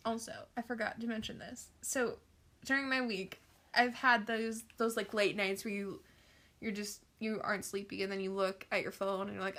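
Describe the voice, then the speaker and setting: A young woman co-hosting a casual podcast with her mother, telling quirky stories in an animated way. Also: medium pitch, moderate pace. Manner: animated storyteller, quirky, laughs. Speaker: podcast co-host, daughter. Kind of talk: casual chat.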